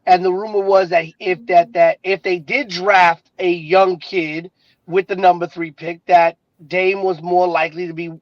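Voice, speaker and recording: A man co-hosting a sports talk show, laying out trade rumors in a measured, explanatory way. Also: sits high, little pitch movement, no room sound, muffled recording. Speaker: podcast co-host. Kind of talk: casual sports chat.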